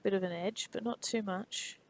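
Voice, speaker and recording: A woman's voice: mid-range voice, steady tone, moderate pace. An Australian woman streamer from Perth, chatting casually with her viewers while she works on a 3D model and laughing easily. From Perth, Western Australia.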